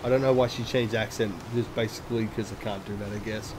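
A man's voice: lowish voice, fairly even intonation, fast, background noise. A man hosting a let's play, giving casual gameplay commentary, swearing often and making self-mocking, chatty asides. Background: game music.

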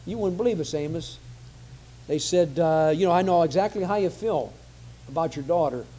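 A man's voice: a little high, moderate pace, warm tone. A man preaching a conversational sermon, often repeating phrases for emphasis.

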